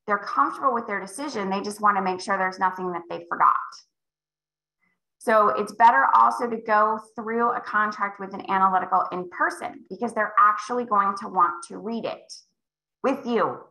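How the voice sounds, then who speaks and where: Woman in her 40s doing a sales training, bright gravelly voice, echoey room, acts out the dialogue. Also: mid-range voice, moderate pace. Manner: animated storytelling, acting out dialogue in shifting voices. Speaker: real estate sales trainer. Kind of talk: live online sales coaching.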